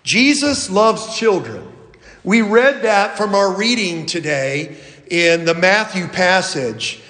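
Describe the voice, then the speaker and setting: A man preaching in a high, light voice, slow and deliberate, as he reads scripture and talks to his congregation. His words ring out with a long reverb from a large church sanctuary. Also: fairly bright tone. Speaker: pastor. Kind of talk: sermon.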